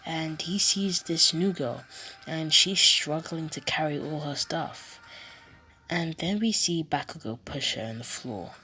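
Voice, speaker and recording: A woman's voice: low-pitched, measured pace, sharp tone, a little hiss or hum. A woman narrating an invented fan story in a casual, meandering way. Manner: breathy, meandering.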